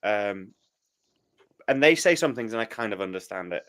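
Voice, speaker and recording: A man's voice: fairly low pitch, lively intonation, normal speed, a bit bright. Chatty British man hosting a podcast. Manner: chatty, laughs often, teasing. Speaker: podcast host. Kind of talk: casual podcast chat.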